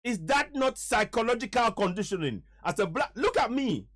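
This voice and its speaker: Man, live reaction commentary, insistent and emphatic, lively intonation. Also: very high voice, normal speed. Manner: emphatic, repeats short urgent interjections.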